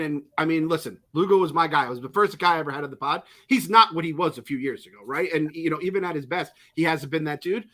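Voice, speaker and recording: A man co-hosting a sports podcast, venting fast and swearing freely. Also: a little high, animated, bright, forceful tone. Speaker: podcast co-host. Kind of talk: casual sports talk.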